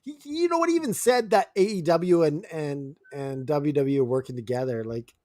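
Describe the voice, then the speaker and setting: A man's voice: a little high, lively intonation, normal speed, mellow, dry recording, clean studio sound. Wisecracking man co-hosting a podcast. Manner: wisecracking, laid-back. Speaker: podcast co-host. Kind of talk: casual wrestling podcast chat.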